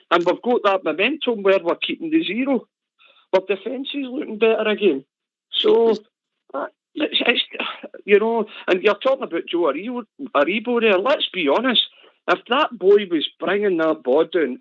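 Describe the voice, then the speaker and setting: A Scottish man hosting a radio phone-in, talking football in an animated way and tagging lines with "eh?". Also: sits high, no echo. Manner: animated, repeats himself, ends lines with "eh?". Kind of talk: casual phone-in chat. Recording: tinny phone-line sound.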